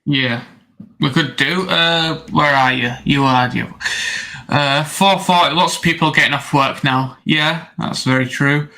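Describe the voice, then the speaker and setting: Male stream co-host, bright edgy tone, slightly high, greets viewers by name. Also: unhurried. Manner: reads out and greets viewer comments. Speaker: fantasy football livestream co-host. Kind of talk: casual live-stream chat.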